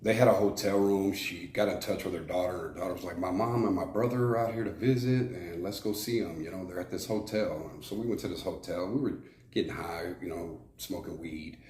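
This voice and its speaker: This man from Arizona, formerly a prison shot caller, speaks briskly in a low, somewhat mellow voice while candidly describing his life in an interview. He rambles, restarting sentences and using fillers. Faint noise sits under an echoey room sound.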